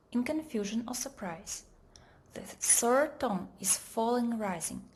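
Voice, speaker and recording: A woman narrating a pronunciation lesson in a measured, deliberate way, often trailing off into a whisper. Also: fairly high pitch, darkish tone. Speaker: language teacher. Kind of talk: slow scripted lesson narration.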